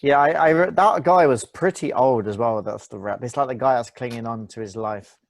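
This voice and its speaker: A man's voice: medium pitch, a little fast, vocal fry, dry recording. A young man co-hosting a podcast, joking and teasing his friends in casual chat. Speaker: podcast co-host.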